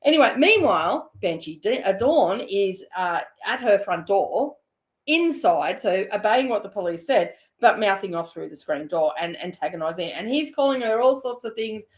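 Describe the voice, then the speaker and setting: A woman with an Australian accent telling a funny story in a chatty, animated way, breaking into laughter. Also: mid-range voice, normal speed. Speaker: host. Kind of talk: casual storytelling.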